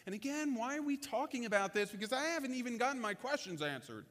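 A man preaching in a conversational, storytelling way, pausing for effect. His voice sits high and light, and a long hall reverb trails behind each phrase. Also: expressive, fairly bright tone. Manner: conversational storytelling, with dramatic pauses. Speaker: pastor. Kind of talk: sermon.

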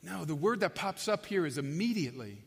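A man preaching a sermon with passion, building in loudness and then dropping to a hush. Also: on the high side, lively intonation, brisk, vocal fry, breathy edge. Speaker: pastor. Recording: long echo of a large hall.

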